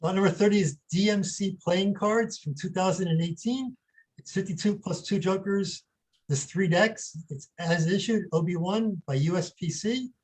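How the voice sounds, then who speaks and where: A man's voice: high-pitched, moderate pace, slightly rough, low-quality recording. A man on a panel reading lot descriptions aloud in a plain, matter-of-fact way.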